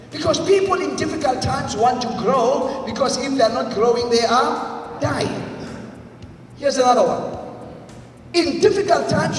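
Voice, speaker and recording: High-voiced man in echoey hall. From South Africa. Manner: emphatic, drills the audience with repeat-after-me lines. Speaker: motivational speaker. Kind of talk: motivational leadership seminar talk. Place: large congress hall. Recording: echoey hall, voice from far off, faint music.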